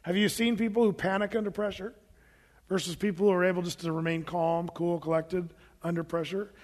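A male pastor preaching a sermon, telling the story in an animated way with asides to the congregation. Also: high voice, fairly quick, big-room sound.

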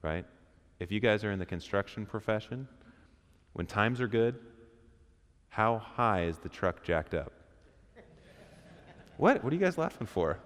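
A man's voice: fairly low pitch, animated, measured pace, long pauses, a bit bright. A man giving an interactive sermon to a men's church group, conversational and asking the room questions. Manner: conversational, asks the room questions, acts out quotes. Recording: reverberant hall.

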